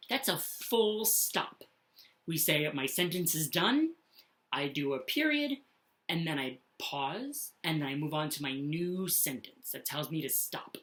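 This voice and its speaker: A woman teaching punctuation to young children in a slow, sing-song voice, often checking in with "okay?". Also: low voice. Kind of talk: classroom lesson for children.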